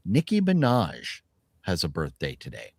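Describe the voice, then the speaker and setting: Man, podcast host, casual chat, low voice, animated delivery. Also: measured pace, vocal fry, slightly rough, no echo, clean studio sound. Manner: chatty, reads off celebrity birthdays.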